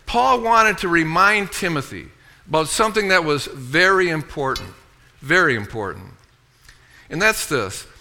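A man preaches a sermon with a very bright, ringing tone. His voice sits a little high, and he keeps drawing the congregation into call-and-response. He reads scripture in a lower, softer voice. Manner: preaching with call-and-response, frequent "amen" and "okay". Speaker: pastor.

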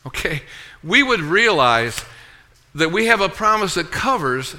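A man preaches a sermon with a very bright, ringing tone. His voice sits a little high, and he keeps drawing the congregation into call-and-response. He reads scripture in a lower, softer voice. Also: sing-song, a little slow. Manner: preaching with call-and-response, frequent "amen" and "okay". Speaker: pastor.

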